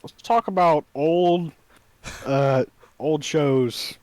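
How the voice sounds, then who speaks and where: A man's voice: a little high, very slow, a little mellow, no room sound. A young man co-hosting a podcast, sarcastic and skeptical, trading silly puns. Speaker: podcast co-host. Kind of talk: casual chat.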